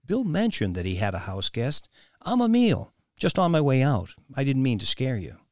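A man's voice: medium pitch, sing-song, normal speed, a little mellow, dry recording, clean studio sound, pitched above the performer's own voice, lightly acted. A man doing a friendly, charming man in his forties. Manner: easy, amused.

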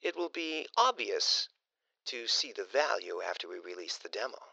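A man's voice: fairly low pitch, big pitch swings, normal speed, vocal fry, sharp tone, no room sound, heavily acted, low-quality recording. A man voicing a sultry, poised businesswoman in an audiobook reading. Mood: cool, assured. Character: sultry, cool businesswoman coordinating a deal. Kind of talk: audiobook character voice.

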